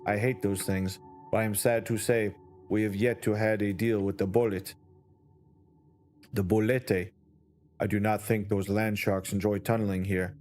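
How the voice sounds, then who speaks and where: A man reading the lines of a blunt female bugbear guard from a game in his own flat voice. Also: on the low side, close to an everyday voice. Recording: faint background music.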